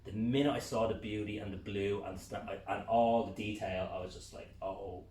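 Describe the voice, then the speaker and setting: A man with a Dublin Irish accent, a guest on a podcast, telling a story in an excitable way and swearing freely. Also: lowish voice, normal speed. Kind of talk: casual podcast interview storytelling. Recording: echoey room, distant mic, faint noise.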